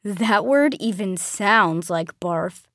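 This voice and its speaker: A woman putting on a smug older teen brother with a slightly lowered voice. He drawls each taunt out slowly and sneers at his kid sister, like a storybook bully. The voice sits close and dry against the mic. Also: animated, fairly bright tone, no echo. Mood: mocking.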